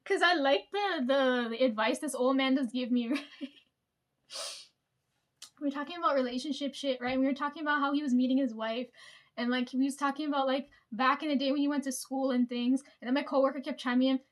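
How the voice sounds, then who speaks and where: High-voiced woman telling stories. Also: a little fast. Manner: profane, rambling, laughs often. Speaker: vlogger. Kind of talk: casual storytelling.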